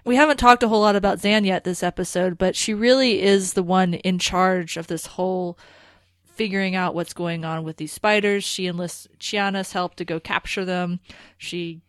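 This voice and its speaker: A woman's voice: lowish voice, moderate pace, no echo. A woman co-hosting a podcast, talking casually and animatedly about a TV episode. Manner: animated, rambling, with restarts. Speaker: podcast co-host.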